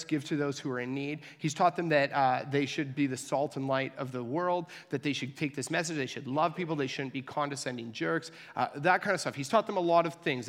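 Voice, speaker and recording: A young man preaching a relaxed, conversational sermon, quick to joke and act out little voices in his stories. His voice sits a bit high for a man. It rings with the long echo of a large hall. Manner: chatty and joking, acts out little voices in stories. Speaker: pastor.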